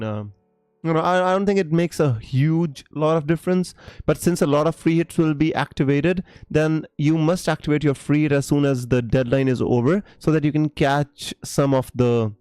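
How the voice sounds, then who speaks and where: This is a man hosting a fantasy football live stream, talking casually to his chat. He is theatrical and quick to laugh, swinging into loud exclamations. Faint music plays in the background. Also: medium pitch, clear, resonant tone, dry recording. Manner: excitable, dramatic, laughs and exclaims often.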